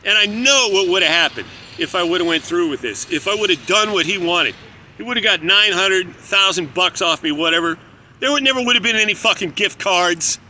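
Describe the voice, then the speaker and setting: A man recounts a personal story in a loose, conversational way, cursing as he goes. His voice sits high and rings very bright and sharp, with faint street and traffic noise behind him. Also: animated, fairly quick. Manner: candid, profane, conversational. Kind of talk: casual spoken storytelling.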